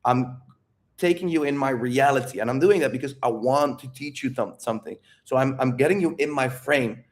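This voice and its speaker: A man's voice: mid-range voice, fairly quick. A man who is not a native English speaker, hosting a live Q&A stream and talking energetically with plenty of swearing. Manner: energetic, profane, rambling. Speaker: livestream Q&A host. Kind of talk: live unscripted monologue to chat.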